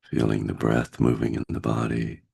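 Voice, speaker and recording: A man with a cold leading a guided meditation over a video call, speaking gently with pauses and fillers. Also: extremely low pitch, completely flat delivery, gravelly, breathy edge. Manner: slow, gentle, pausing guidance with fillers. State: has a cold, husky voice. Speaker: meditation teacher.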